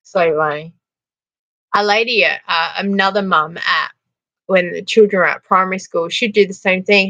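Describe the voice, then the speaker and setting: A woman's voice: mid-range voice, normal speed, fairly bright tone, dry recording. A middle-aged Australian woman hosting a casual livestream, chatting and telling funny stories. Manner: chatty storyteller, laughs often, reads out viewer comments. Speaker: livestream host.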